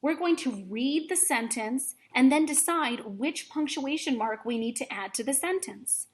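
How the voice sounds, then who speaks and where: A woman teacher giving a recorded grammar lesson for children, explaining patiently, clearly and step by step. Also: sits high, expressive, measured pace.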